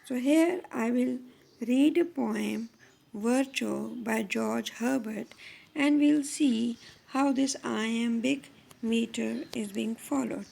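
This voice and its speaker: Slow, gravelly-voiced woman teacher. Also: a little high, mellow. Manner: slow, measured, pausing often between phrases. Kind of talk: explanatory lecture on poetry.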